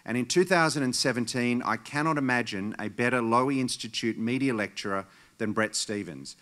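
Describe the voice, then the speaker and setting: A man's voice: mid-range voice, brisk, a bit bright. Man giving a formal speaker introduction. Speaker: institute director introducing the speaker. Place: large dinner hall.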